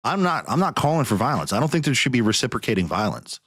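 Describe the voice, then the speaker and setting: A man's voice: medium pitch, big pitch swings, fast talker, fairly bright tone, slightly rough, dry recording, clean studio sound. A podcast host man ranting in anger, swearing heavily as he talks. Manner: angry, profane, heavy swearing. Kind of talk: heated podcast rant.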